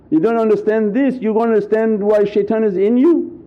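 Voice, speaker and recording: A man's voice: high voice, steady tone, brisk. A man delivering a Sufi sermon, acting out fearful inner voices with dramatic shifts. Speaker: Sufi shaykh. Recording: phone-like narrow band.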